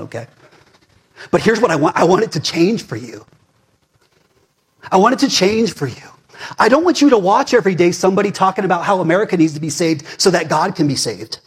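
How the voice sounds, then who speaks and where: His voice is a little high and husky as this male pastor in his forties preaches. The sermon is fired-up and conversational, swinging from loud, emphatic moments to quiet asides.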